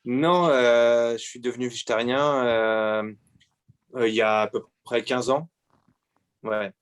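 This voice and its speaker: A man's voice: mid-range voice, steady tone, smooth. Hesitant man from France in his forties. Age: 40s. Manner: hesitant, many pauses and fillers. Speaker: guest artist. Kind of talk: answering interview questions.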